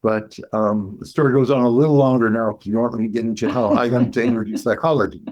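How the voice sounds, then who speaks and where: A man, a clinical psychologist, telling a story as a guest in an interview, measured and reflective, pausing and restarting as he thinks. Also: mid-range voice, steady tone, a little mellow, lo-fi sound.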